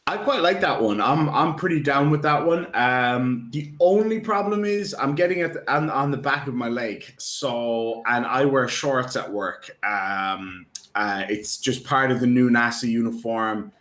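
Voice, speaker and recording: A man's voice: medium pitch, measured pace, few pauses, a bit bright. A man in casual live-stream chat, rambling and joking with lots of ums and uhs. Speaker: guest. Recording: roomy echo.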